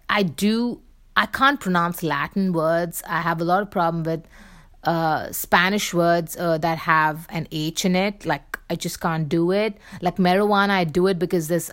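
A woman's voice: fairly low pitch, fairly bright tone. A woman vlogger talking casually in a rambling, playful way, full of fillers and restarts.

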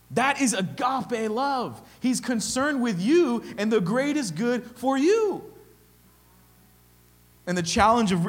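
Guy preaching a sermon, high voice that swings all over, keeps checking okay?, big echoey hall. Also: fairly bright tone. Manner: emphatic, repeats phrases, asks "okay?". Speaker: pastor.

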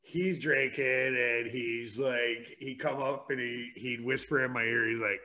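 Guy hosting a chat, kinda bright tone, tells stories with lots of laughs and cussing. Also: medium pitch, fairly even intonation, measured pace. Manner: swearing, laughing storyteller. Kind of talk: casual storytelling chat.

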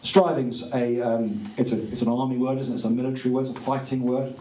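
A man giving an earnest, conversational speech at a book launch, pausing with fillers. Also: mid-range voice, steady tone, warm tone, slight background noise. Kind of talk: informal speech to an audience. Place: room at a book launch event. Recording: echoey room, distant mic, faint ambience.

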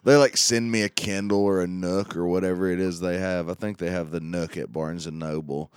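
Deep-voiced man, crude joking chat. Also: steady tone, fairly quick, smooth, no room sound. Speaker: podcast guest. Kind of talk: casual chat.

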